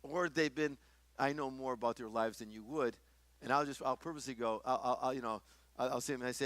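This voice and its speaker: A man's voice: medium pitch, quick pace, fairly bright tone, no room sound. A middle-aged man teaching a workshop in a conversational sermon style, often restarting his sentences. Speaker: workshop speaker.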